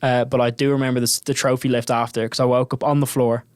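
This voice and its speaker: A man's voice: mid-range voice, level tone, fast talker, smooth, dry recording, studio quality. A young man in his twenties with a South Dublin Irish accent, rambling through stories in a casual chat. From Ireland. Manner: rambling storyteller with many restarts. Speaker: guest.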